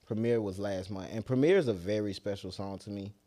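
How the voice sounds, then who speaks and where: A young rapper from Atlanta, USA, with a Southern accent, chats loosely as an interview guest, trailing off at the ends of his thoughts. His voice is mellow and fairly low, moving a little fast.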